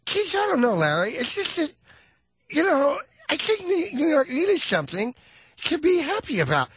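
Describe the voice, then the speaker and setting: A man doing a high impression of a flamboyant older female star who gushes with a lateral lisp. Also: huge pitch swings, normal speed, noisy background, heavily acted. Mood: gushing.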